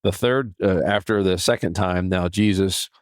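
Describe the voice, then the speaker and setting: Earnest low-voiced man talking faith. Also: normal speed, no echo, studio quality. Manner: earnest, animated, many restarts and fillers. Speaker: podcast host. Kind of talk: casual devotional talk.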